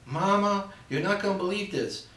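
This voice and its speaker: A man's voice: high-pitched, lively intonation, normal speed, a bit bright, voice pushed up. A man voicing a distraught young bride who whines and pleads to be taken home. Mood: pleading, upset. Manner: whiny, pleading. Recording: roomy echo, far from the mic.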